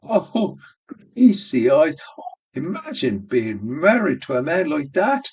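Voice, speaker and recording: A man's voice: on the high side, very animated, a little slow, distant mic, pitched above the performer's own voice, heavily acted. A man voicing a prim young barmaid in a raised, girlish voice, squealing protests over tea.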